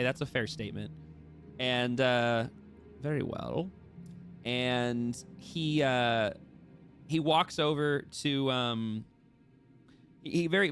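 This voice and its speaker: A man running a tabletop game, narrating in a loose, rambling way with lots of fillers and self-corrections. His voice sits at an ordinary middle pitch. Faint music runs underneath. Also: a bit bright. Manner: rambling, many fillers and restarts. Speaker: dungeon master.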